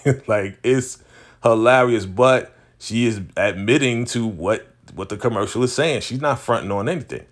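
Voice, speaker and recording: A man recapping a TV episode in casual chat, retelling it in an animated way with slang and lots of fillers. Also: mid-range voice, normal speed. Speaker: TV recap host.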